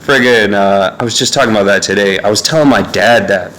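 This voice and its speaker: Indoors at his family home, a young vlogger rambles into a phone on a neck holder. His voice is brisk, on the low side and a bit bright. The talk is casual and meandering, with lots of fillers and asides.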